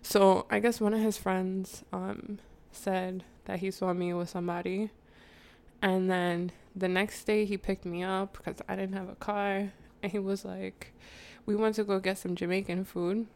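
A woman's voice: medium pitch, flat delivery, unhurried, a little mellow. A woman vlogger telling a candid, slangy story to her viewers, laughing often and wandering off on side remarks. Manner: chatty, digresses, addresses viewers.

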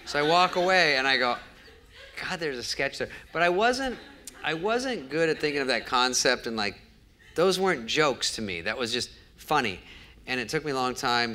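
A guest comedian tells a show-business anecdote on stage during an interview before a live audience, acting out every quoted line of dialogue. His voice is medium-pitched and sharp, with a little hiss or hum in the recording.

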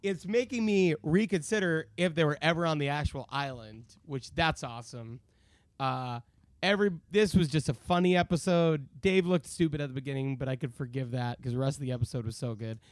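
A man's voice: fairly high pitch, fairly quick, dry recording. A man co-hosting a casual podcast, reading listener emails aloud and joking around. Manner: reads listener emails aloud, jokey, slips into silly voices. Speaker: podcast co-host.

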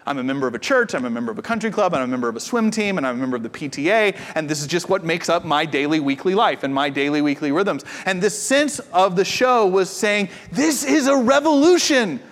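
A pastor preaches in an animated, storytelling way, full of playful asides. His voice sits high for a man and lingers in the long reverb of a large hall. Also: fast, hardly any pauses. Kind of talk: sermon.

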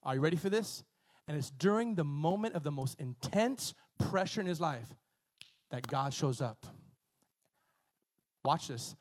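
A man preaching a sermon, retelling a story in a lively, conversational way, with many repetitions and asides to the congregation. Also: fairly high pitch, measured pace, long pauses. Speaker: pastor.

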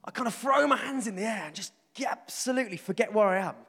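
A man with a Birmingham accent preaching a sermon, telling a funny story about a friend with animated, self-mocking delivery. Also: high-pitched, fast talker, long reverb tail. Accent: Birmingham English.

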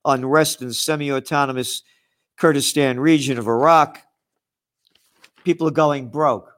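A man's voice: mid-range voice, fairly even intonation, measured pace, fairly bright tone. Angry, sarcastic male commentator. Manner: mocking asides, blah blah dismissals. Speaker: host. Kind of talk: ranting news commentary.

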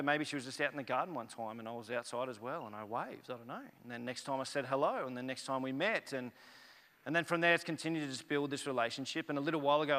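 A man's voice: mid-range voice, bright, forceful tone. A man preaching a sermon as pastor, telling stories animatedly and acting out the dialogue. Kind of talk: sermon with personal storytelling. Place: church. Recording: echoey church hall.

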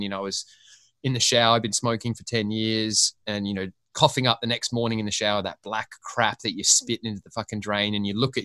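Bright-voiced sweary Australian guy. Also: medium pitch, no room sound. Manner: rambling, sweary storytelling. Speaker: podcast guest. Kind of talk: casual chat.

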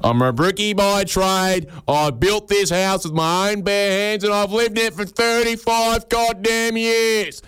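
A man voicing a defensive, gruff middle-aged bricklayer, speaking in a strained, drawn-out way. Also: sits high, fairly bright tone, pitched above the performer's own voice.

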